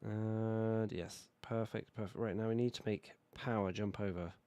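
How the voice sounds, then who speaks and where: A British man with a hoarse voice from a cold, casually chatting while he builds in a city-building game. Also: on the low side, normal speed, no room sound. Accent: British English. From Britain. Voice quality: relaxed, rambling, self-correcting. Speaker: video game streamer. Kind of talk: casual gameplay commentary.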